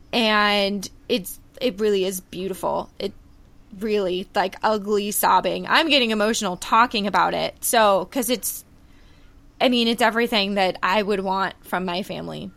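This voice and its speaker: A woman co-hosting a podcast, warmly retelling a TV scene in a casual, emotional way with many fillers. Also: mid-range voice. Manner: emotional, animated storytelling with fillers. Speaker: podcast co-host. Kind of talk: casual chat reviewing a TV series.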